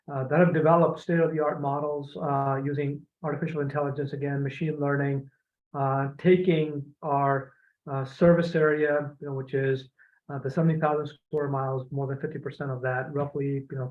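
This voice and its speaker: A man giving a presentation as a utility executive, measured and hesitant, with many fillers and restarts, clearing his throat as he loses his voice. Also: mid-range voice. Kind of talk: presentation talk. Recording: phone-like narrow audio.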